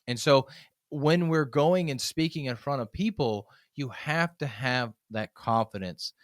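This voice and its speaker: A public speaking coach from the United States chats as a guest on a casual podcast, animatedly telling small stories and voicing the people in them. His medium-pitched voice moves a little slowly, recorded in studio quality without echo.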